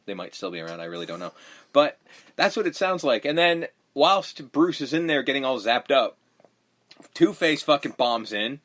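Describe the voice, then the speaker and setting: A man on a casual movie podcast, animated and loose, his pitch bouncing all over as he swears, laughs and throws himself into quoting scenes. He sits in an ordinary middle register and rarely stays flat for long. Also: normal speed. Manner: animated, profane, acts out movie lines. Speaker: podcast co-host. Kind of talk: casual movie-review chat.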